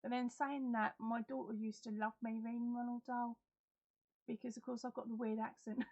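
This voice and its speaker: A woman's voice: fairly high pitch, little pitch movement, normal speed, darkish tone. Chatty, giggly woman on a lo-fi webcam. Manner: chatty, giggly, reads out viewer comments. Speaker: livestream host. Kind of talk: casual live chat.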